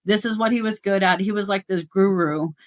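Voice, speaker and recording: A middle-aged woman, a guest on a podcast, telling work stories in animated casual chat with plenty of fillers. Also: medium pitch, fairly quick. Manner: animated storytelling, rising excitement, many fillers. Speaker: guest, dealership service manager.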